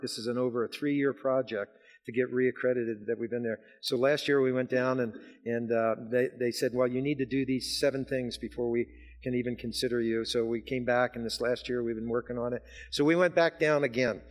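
An older male pastor preaching a sermon with a somewhat high voice. He tells a personal story in a loose, chatty way, stumbling over words and restarting. Then he climbs to loud, emotional peaks when he gets to scripture.

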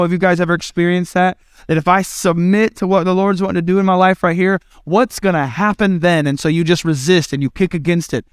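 High, smooth-voiced male preacher. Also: no echo, studio quality. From Indiana, United States. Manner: conversational, self-deprecating, acts out quotes. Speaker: pastor. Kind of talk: sermon.

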